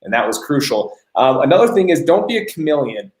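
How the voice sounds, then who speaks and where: A man's voice: medium pitch, a little fast, reverberant, rough recording. A man hosting a live Q&A on business coaching, telling stories and acting out the dialogue. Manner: animated storyteller, acts out quoted dialogue. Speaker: host.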